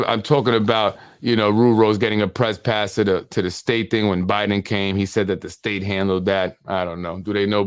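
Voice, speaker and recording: A man's voice: on the low side, clean tone. A man hosting a political podcast, talking casually and reading text messages aloud, with frequent restarts. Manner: conversational, repeats words and restarts, reads messages aloud. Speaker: podcast host.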